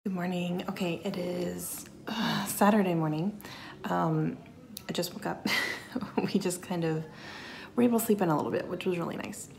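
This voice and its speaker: A woman's voice: fairly low pitch, normal speed, creaky, a little mellow, slight background noise. A woman in her thirties chatting casually in a reading vlog at home, upbeat and laughing often. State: talking around a mint in her mouth. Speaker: book vlogger.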